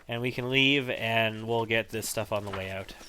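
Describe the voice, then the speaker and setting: A man's voice: lowish voice, moderate pace, pushed and bright, a little hiss or hum. A man giving casual commentary while he plays a role-playing video game, chatty and thinking aloud. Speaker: let's-play host.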